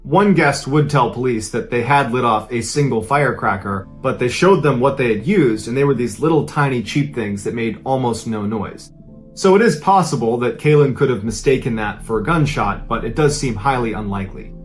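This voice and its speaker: A man recounts a true-crime story, casual and conversational but building suspense. His voice sits at a mid pitch with faint music underneath. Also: lively intonation, moderate pace. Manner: dramatic, conversational retelling.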